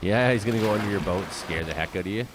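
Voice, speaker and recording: A man, hosting a weather show and giving casual commentary on video clips with jokey asides and excited outbursts. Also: lowish voice, very fast, heavy background noise. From Canada. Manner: chatty, exclaiming, jokey asides.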